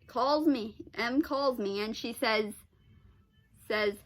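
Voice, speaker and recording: A woman's voice: a little high, takes it slowly, a bit bright. A woman vlogger telling a personal story in a casual, rambling way, full of restarts, sighs and exasperated "ugh"s.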